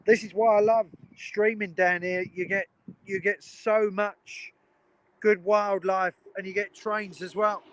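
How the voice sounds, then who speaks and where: This train-spotting streamer has a high voice, a flat delivery and a measured pace, talking casually and enthusiastically to his viewers from beside a railway line outdoors. There's no echo, though the recording sounds rough.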